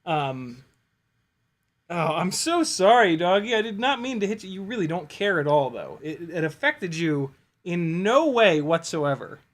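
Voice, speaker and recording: A man chatting casually while flying a drone on a live stream, excitable, laughing and swearing, talking to his dog. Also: high-pitched, measured pace. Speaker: FPV drone pilot and streamer.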